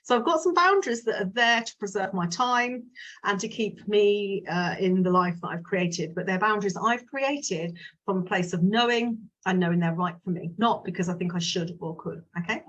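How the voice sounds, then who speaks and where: A woman's voice: medium pitch, lively intonation, moderate pace, a bit bright, highs cut off. A woman, a business mindset coach talking casually and frankly to her viewers, drifting into side stories. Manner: chatty, frank, digressive. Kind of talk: casual solo talk to viewers.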